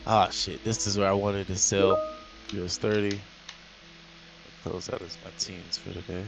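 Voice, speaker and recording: A man's voice: deep voice, little pitch movement, a little slow, creaky, music in the background. A young man hosting a casual trading livestream, joking loosely and swearing as he talks. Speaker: livestream host and trader.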